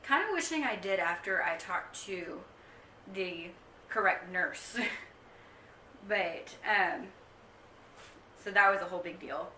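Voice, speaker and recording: Young woman vlogger, casual rambling chat, bright tone, roomy distant camera sound. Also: fairly low pitch, animated, slow pace, slight background noise. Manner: chatty, rambling with frequent ums. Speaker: vlogger giving a pregnancy update. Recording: echoey room, mic set back.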